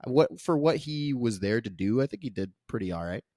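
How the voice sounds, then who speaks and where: A man's voice: medium pitch, animated, a little fast, a little mellow, no room sound, clean studio sound. A man co-hosting a podcast, chatting casually and thoughtfully about a film, hedging his points with lots of "like". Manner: thoughtful, hedging, many fillers. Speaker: podcast co-host. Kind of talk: casual film review chat.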